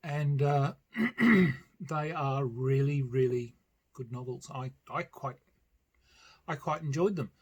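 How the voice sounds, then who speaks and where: A man's voice: mid-range voice, takes it slowly, husky. An older Australian man chatting casually in a rambling, self-deprecating way on his board game vlog. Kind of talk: casual chat.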